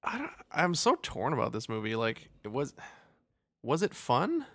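A podcast co-host rambles casually about a movie, laughing often and acting out silly quotes in a relaxed review chat. His medium-pitched, slightly bright voice swoops wildly at normal speed, captured with clean studio sound and no echo.

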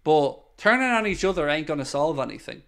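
A man's voice: on the high side, big pitch swings, fairly quick, vocal fry, a bit bright. A man hosting a casual live-stream podcast, answering viewer comments bluntly and swearing when worked up.

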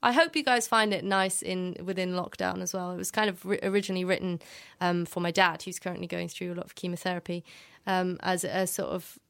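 A woman's voice: fairly low pitch, fairly even intonation, a little fast, vocal fry, fairly bright tone, clear, resonant tone. Chatty young woman hosting a show. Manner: chatty, giggly, lots of fillers. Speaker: radio show host. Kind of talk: casual chat and interview. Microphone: home recording under a blanket.

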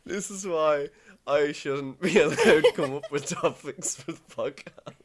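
A podcast co-host in casual, joking chat, swearing freely and drawing out deadpan punchlines. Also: medium pitch, a little slow.

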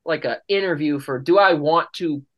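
A man's voice: on the high side, normal speed, a bit bright. A man co-hosting a casual podcast, joking and teasing in playful banter with his girlfriend. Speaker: podcast co-host. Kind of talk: casual couple chat.

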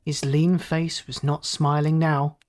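A host narrating an old science fiction story as a calm, inviting storyteller, in a scripted audiobook reading. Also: mid-range voice, slow.

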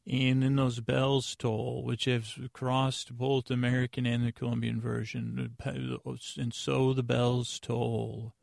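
Man, podcast host, meandering comedic recap, deadpan, dry close-miked sound, very gravelly. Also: medium pitch, takes it slowly, few pauses, no echo. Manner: deadpan, meandering, with many fillers and restarts. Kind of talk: rambling comedic episode recap.

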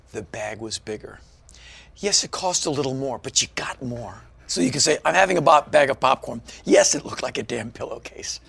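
A man's voice: medium pitch, gravelly, fairly bright tone. A man in his fifties from Washington, D.C., a guest in a casual interview, telling stories with animation and acting out other people's lines. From Washington, D.C., USA. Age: 50s.

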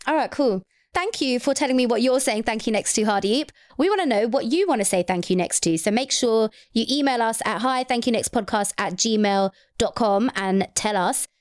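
A woman's voice: a little high, animated, normal speed, no echo, studio quality. A young woman with a girlish, childlike voice, chatting and giggling as a podcast co-host. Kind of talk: casual chat.

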